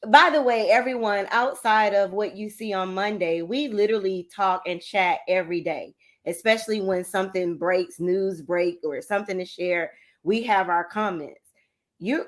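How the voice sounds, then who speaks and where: A woman hosting a casual talk show, upbeat and cheering on her co-hosts. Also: medium pitch.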